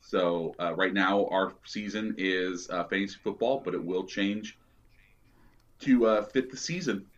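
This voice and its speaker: Low-voiced man guest, rambling casual chat on dull lo-fi audio. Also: measured pace. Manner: rambling, many fillers. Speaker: podcast guest.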